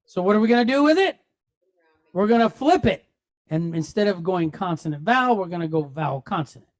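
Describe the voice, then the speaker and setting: A woman's voice: lowish voice, expressive, a little fast, darkish tone. A woman teaching a language lesson to a class, patiently spelling out sounds and quizzing her students with frequent "right?" checks. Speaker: Hebrew teacher.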